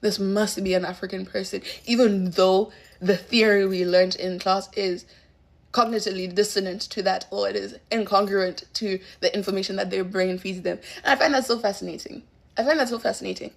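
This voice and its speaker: A woman's voice: mid-range voice, fairly even intonation, brisk, vocal fry. A woman musing in casual commentary, thoughtful and rambling with fillers.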